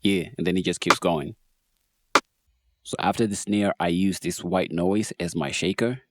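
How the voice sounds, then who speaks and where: A man casually walking through how he built a beat, in a laid-back, relaxed way, as host of a production tutorial. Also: deep voice, measured pace, a little hiss or hum. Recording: faint music behind voice. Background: beat playback.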